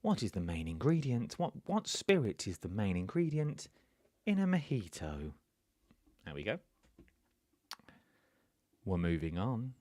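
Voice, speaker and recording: Male quiz host, lively pitch, rambling asides, dry close mic. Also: moderate pace, dry recording. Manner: chatty and rambling, with many fillers and asides to viewers. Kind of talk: live-stream quiz hosting.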